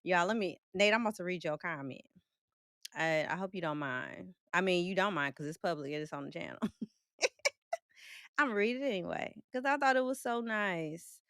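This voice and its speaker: Smooth-voiced playful woman livestream host. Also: on the low side, moderate pace, a bit bright, dry recording, clean studio sound. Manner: playful, joking, laughs often, slangy. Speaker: livestream host reading chat. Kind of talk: casual livestream chat.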